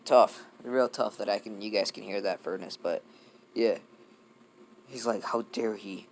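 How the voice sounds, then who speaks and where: This young male YouTube storyteller casually invents a fan-fiction story, wandering off track, swearing, and filling gaps with fillers. His voice is on the low side, creaky and darkish, with a measured pace.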